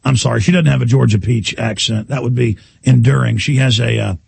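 A man hosting a talk radio show, ranting loudly and combatively with sarcasm. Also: mid-range voice, brisk, creaky, slightly rough, dry recording.

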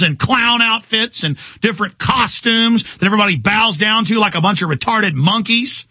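A male talk radio host in an angry political rant, furious and ranting, at times breaking into shouts. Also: high-pitched, normal speed, hardly any pauses, slightly rough, dry recording.

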